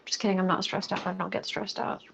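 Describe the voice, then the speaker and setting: A young woman speaks with a medium pitch, vocal fry, and a completely flat delivery, captured in a muffled recording with background noise. Even so, she's chatting playfully with her viewers while cooking on a live stream, close to a studio mic. She jokes with chat and quickens when flustered.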